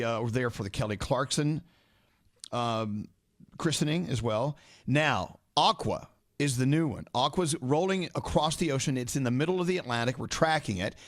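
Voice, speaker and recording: A middle-aged man with an American accent, hosting a morning radio show in the studio and teasing his guest with quick, playful quips. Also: medium pitch, dry recording. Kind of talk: casual morning radio banter.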